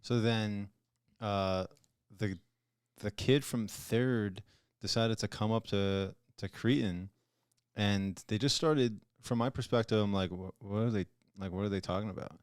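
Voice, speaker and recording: A young man, a Navy corpsman and podcast guest, telling a story in a relaxed, loose way. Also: lowish voice, unhurried, clear, resonant tone, no room sound, studio quality. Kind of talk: casual storytelling.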